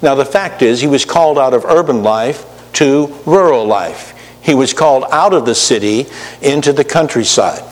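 Male pastor, mid-pitched, conversational sermon, reverberant hall. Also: moderate pace. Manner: conversational preaching with asides to the congregation.

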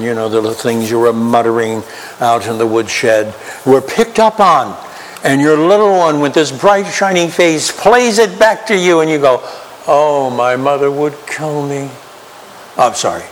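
Slow, deliberate male preacher in a hall. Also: mid-range voice. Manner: slow, emphatic preaching with rhetorical questions. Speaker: pastor. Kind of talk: sermon. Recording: long hall reverb, faint room noise.

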